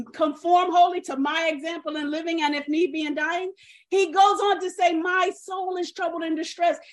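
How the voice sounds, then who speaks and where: High-pitched woman preacher, fired up, goes loud then quiet, sermon vibes. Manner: impassioned, swings between loud outbursts and hushed asides.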